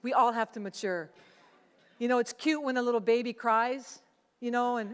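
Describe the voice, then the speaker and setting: A woman's voice: on the high side, fairly even intonation, normal speed, clear, resonant tone. Woman pastor preaching in a reverberant hall. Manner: conversational, acts out quoted voices. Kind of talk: sermon.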